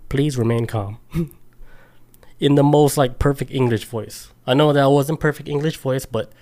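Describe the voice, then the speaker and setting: A man's voice: mid-range voice, steady tone, moderate pace, mellow. Podcast guy telling a story, mid voice, laid back, swears a lot. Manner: loose, swears, laughs often. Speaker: podcast co-host. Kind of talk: casual chat, storytelling.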